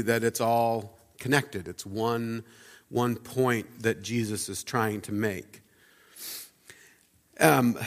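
A man's voice: mid-range voice, fairly bright tone. Guy in his 30s preaching, chatty and thoughtful, lots of ums, big echoey church sound. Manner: conversational, reflective, with frequent fillers. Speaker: pastor. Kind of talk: sermon. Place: church sanctuary. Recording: long reverb of a church hall.

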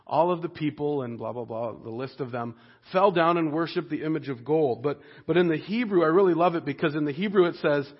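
A man preaching a sermon in a conversational way, growing animated when he voices the people in the story. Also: on the high side, husky, muffled recording. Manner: conversational, animated when voicing quoted figures. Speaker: pastor.

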